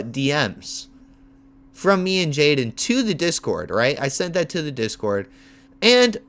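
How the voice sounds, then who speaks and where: Animated high-voiced man ranting. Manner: animated, heated, profane storytelling. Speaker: streamer and MMA content creator. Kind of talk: livestream rant.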